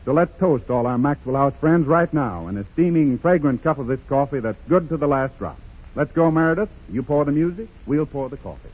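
Tinny-voiced 1930s radio announcer. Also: male voice, animated, a little fast. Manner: smooth, upbeat pitchman delivery. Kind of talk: scripted sponsor announcement. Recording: tinny 1930s radio broadcast with music behind.

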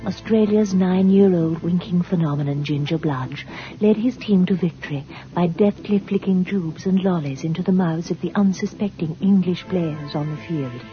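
A woman narrates a mock documentary in an earnest, dramatic way. Her voice sits on the low side, and music plays clearly behind her. The recording is dull and lo-fi. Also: normal speed.

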